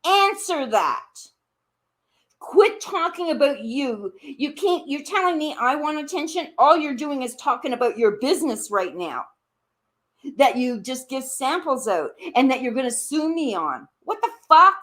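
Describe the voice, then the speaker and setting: A woman with a high voice and big pitch swings rants on a live stream at a normal speed. Directly confronting someone, she accuses them, repeats her demands, curses, and her voice leaps when she's angry.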